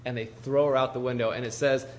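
A man's voice: mid-range voice, steady tone, quick pace. Casual storytelling male preacher. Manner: informal storytelling with asides and restarts. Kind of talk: conversational Bible teaching.

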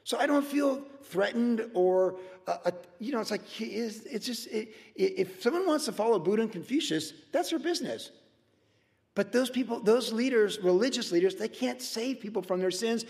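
A man's voice: high-pitched, lively intonation, normal speed, gravelly, a little mellow, in a large hall. A man preaching a verse-by-verse sermon in a conversational way, full of personal stories and restarts. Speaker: pastor.

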